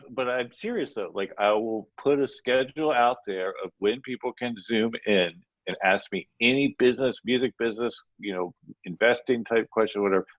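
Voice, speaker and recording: A man's voice: on the low side, dry recording, lo-fi sound. A man co-hosting a casual podcast, advising on the music business in a rambling, playful way with many restarts.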